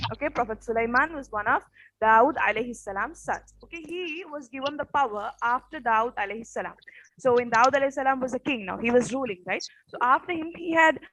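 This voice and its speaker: A woman teacher with a rough morning voice tells a story to her class in a casual way, often saying "okay" and stopping to ask the class questions. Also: high voice, fairly bright tone, low-quality recording. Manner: peppers speech with "okay" and quiz questions.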